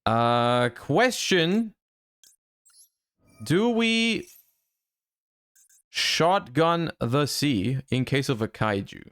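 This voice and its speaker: A man streaming a card game live, thinking his plays through out loud, with sudden excited outbursts. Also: medium pitch, takes it slowly, hardly any pauses, dry recording, clean studio sound. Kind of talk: live-stream gameplay commentary.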